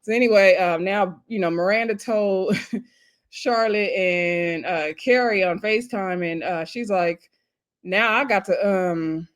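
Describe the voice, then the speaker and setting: Speaking at a medium pitch with a clean tone and an unhurried pace, this woman reviews TV by chatting through an episode recap. She laughs a lot along the way and performs the quoted lines herself.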